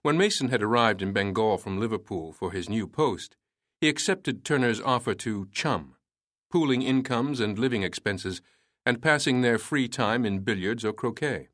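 A man reading a historical story aloud in a measured storytelling manner. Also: on the low side, animated, fairly bright tone, no echo, studio quality. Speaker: narrator. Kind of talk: scripted narration.

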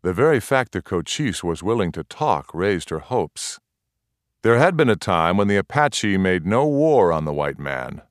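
A man with a very deep voice reads a western novel aloud at a slow, steady pace. The recording is close and dry, with no echo around him. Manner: steady, unhurried storytelling. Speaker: audiobook narrator. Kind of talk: scripted narration of a western novel.

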